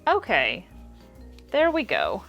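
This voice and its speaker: A woman's voice: mid-range voice, huge pitch swings, takes it slowly, creaky, lo-fi sound. Young woman w/ american twang chatting thru sewing tests at home, faint music under. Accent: regional American. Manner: chatty and self-deprecating, thinking aloud while sewing. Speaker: sewing video host. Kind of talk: casual tutorial vlog.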